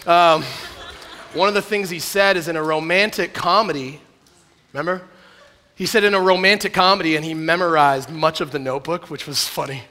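A man preaching at a youth camp in a joking, animated way, often acting out voices. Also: on the high side. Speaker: youth speaker.

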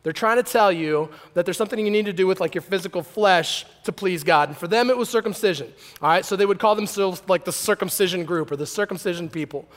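A man's voice: high voice, quick pace. A man preaching a casual, joking sermon as pastor, acting out the quotes he reads in a conversational way. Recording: long hall reverb.

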